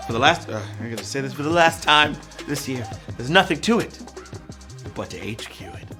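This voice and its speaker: Bright, lively male quiz host. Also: medium pitch, normal speed, soft background music. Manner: playful, rhyming quips and jokes. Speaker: trivia game show host. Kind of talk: live quiz show hosting.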